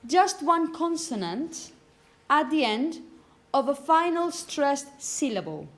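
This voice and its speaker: A woman teaching phonetics to a class, repeating example words slowly and checking understanding with frequent "okay?". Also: high voice, sing-song. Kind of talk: classroom lecture.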